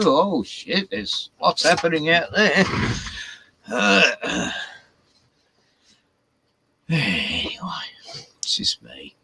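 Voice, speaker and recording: A man's voice: mid-range voice, creaky, a bit bright, poor audio. A man, hosting a casual, rambling live stream, swearing a lot and chatting to his dogs, with a cough.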